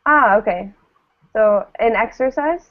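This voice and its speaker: A fairly high-voiced woman leads a pronunciation class at an unhurried pace, stretching out each word so students can repeat it. Her voice comes through thin and tinny, like a phone line. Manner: slow, patient, models words for repetition. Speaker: English pronunciation teacher.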